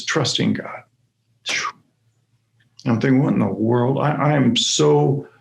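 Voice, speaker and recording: Male conference speaker, halting storyteller, unhurried and gravelly, roomy echo. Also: mid-range voice. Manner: halting, stammering restarts. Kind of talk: personal storytelling talk. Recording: echoey room.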